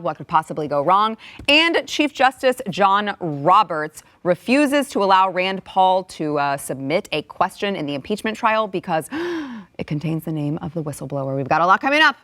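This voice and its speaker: A woman from Texas hosting a news commentary talk show, brisk, chatty and sarcastic as she brings in her panel. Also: lowish voice, expressive, a bit bright, no echo. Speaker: host.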